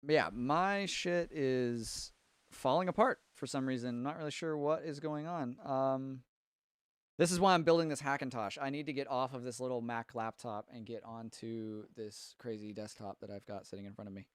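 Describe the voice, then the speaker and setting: While tinkering with his setup, a man from Tennessee rambles through a laid-back mixing live stream, distracted and full of fillers. He has a mid-range voice at a moderate pace, recorded cleanly in studio quality without echo.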